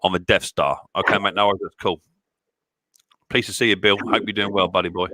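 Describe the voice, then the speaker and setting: A British man with a husky, fairly low voice chats on a live stream from his workshop shed. He talks in a rambling, easygoing way, full of restarts and fillers. His tone is bright and forward, and the close mic sounds completely dry. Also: little pitch movement, a little fast, no echo. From Britain. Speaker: live stream host, mower repairer. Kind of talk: casual live stream chat. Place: small cold workshop shed.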